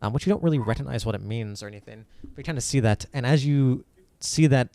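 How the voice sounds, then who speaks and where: A man's voice: medium pitch, fast, mellow, dry recording. A man narrating a tabletop game as game master, rambling with lots of fillers and restarts.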